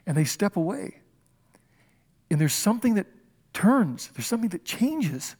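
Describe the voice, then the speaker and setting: A man preaching a conversational Bible sermon, animated and chatty with humorous asides. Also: high voice, unhurried, breathy edge, big-room sound.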